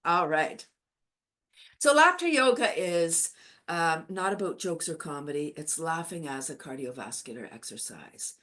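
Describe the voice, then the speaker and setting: A woman with a fairly low voice guides a laughter yoga session over a video call. Her delivery is chatty and cheerful, and she breaks into laughter while she explains the exercises. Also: animated, measured pace, a bit bright.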